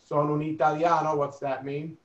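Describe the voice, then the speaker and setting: A man's voice: fairly high pitch, level tone. Patient man teaching a group, lo-fi. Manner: patient, explains slowly with repeats. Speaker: Italian teacher. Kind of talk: casual group lesson.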